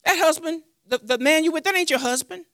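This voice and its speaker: Guy preaching on a handheld mic, acts out talking w god, crisp dry sound, high voice. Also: a little fast, no room sound. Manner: animated preaching, quoting God in dialogue, playful asides. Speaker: pastor. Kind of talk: sermon.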